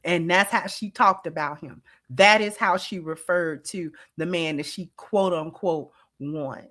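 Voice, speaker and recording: A woman's voice: fairly low pitch, unhurried, fairly bright tone. A woman hosting a livestream, reacting to a clip and talking to her chat with emphatic rhetorical questions. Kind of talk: casual commentary to live chat.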